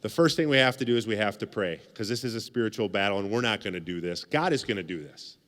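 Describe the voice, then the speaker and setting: A man's voice: lowish voice, animated, quick pace, fairly bright tone, big-room sound. A man in his forties from the United States giving a casual, joking keynote speech at a banquet, repeating phrases for emphasis. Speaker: keynote speaker. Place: banquet hall.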